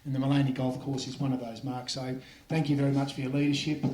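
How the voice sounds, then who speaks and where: An Australian man gives thanks to officials in a flat, level voice, pausing often with uhs. His speech echoes around the space through a public address system. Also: medium pitch. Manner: halting, with fillers.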